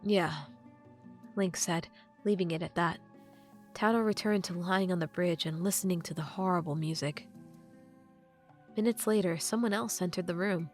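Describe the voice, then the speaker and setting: A woman's voice: lowish voice, normal speed, long pauses, faint music behind. A woman narrating a fantasy novel as an audiobook reader.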